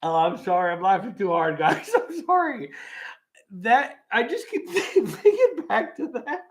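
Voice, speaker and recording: Hosting a casual live stream, a man reads a script aloud, including the stage directions. His very high-pitched voice moves in a lively, animated way at an unhurried pace, and he keeps chuckling. There's a little hiss or hum.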